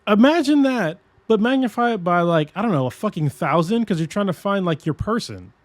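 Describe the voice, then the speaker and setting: A man's voice: high voice, fairly quick, no room sound. A man in his forties hosting a podcast in casual chat, rambling, swearing a lot and restarting his sentences. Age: 40s. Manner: rambling, profane and animated, with many restarts. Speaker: podcast host.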